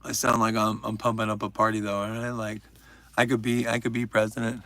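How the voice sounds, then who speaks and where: A man's voice: fairly low pitch, monotone, fast, fairly bright tone. A man from Texas, hosting a casual livestream and chatting with viewers in a joking, rambling way. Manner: joking, rambling, reads chat aloud. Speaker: livestream host.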